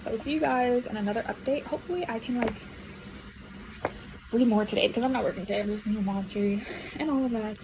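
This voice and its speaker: A woman's voice: a little high, fast talker, pauses often. A young woman vlogging casual reading updates, chatty and gushing, with lots of fillers. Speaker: book vlogger. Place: at home while doing laundry. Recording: noisy home recording. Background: washing machine noise.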